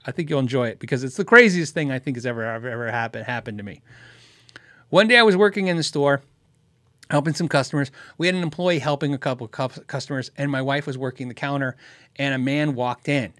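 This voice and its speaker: A man's voice: mid-range voice, fast talker, no echo, studio quality. A man from Tucson hosting a guitar question show, telling a story casually and laughing often. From Tucson, Arizona. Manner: animated, laughs often, acts out quotes.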